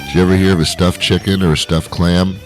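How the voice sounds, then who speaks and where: A man hosting a radio show with a comic, rambling, self-mocking monologue, his voice hoarse and stuffy from a cold. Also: low voice, flat delivery, fast talker, over loud music. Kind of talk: comedic monologue.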